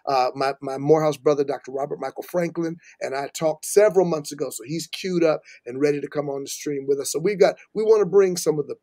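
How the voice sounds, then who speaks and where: Man, fairly high voice, dry sound, live-stream host, folksy, preacherly, lots of uh and um. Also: fast talker, few pauses, darkish tone, no room sound. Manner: folksy, preacherly, with many fillers. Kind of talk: live-stream talk show hosting.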